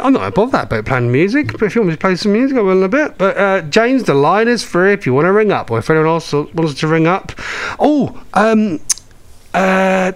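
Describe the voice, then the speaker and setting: A radio host runs a phone-in show, chatting casually and rambling with frequent ums. His voice sits high with a clear, resonant tone, and the recording is dry.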